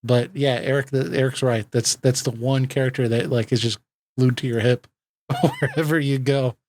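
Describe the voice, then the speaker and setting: A man hosting a casual gaming podcast, enthusiastic and laughing often, with quick asides. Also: medium pitch, darkish tone, no echo, clean studio sound. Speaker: podcast host.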